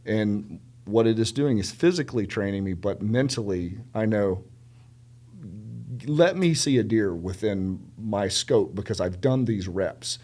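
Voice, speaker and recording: Middle-aged man, from South Carolina, low voice, podcast guest, casual storytelling, animated, emphatic repetition. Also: unhurried. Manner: animated, acts out quoted dialogue; emphatic, repeats words for stress.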